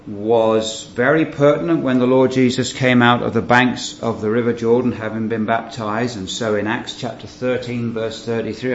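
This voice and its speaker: A man's voice: mid-range voice, slight background noise. A man preaching a sermon, teaching verse by verse in an earnest manner and asking his listeners rhetorical questions. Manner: earnest Bible teaching with rhetorical questions, rising emphasis on key phrases. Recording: muffled roomy recording.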